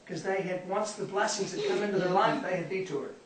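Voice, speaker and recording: A man's voice: high voice, a little fast. A man teaching a Bible study, speaking earnestly and repeating words for emphasis. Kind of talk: sermon. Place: room used for a Bible study. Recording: echoey room from far off, faint noise.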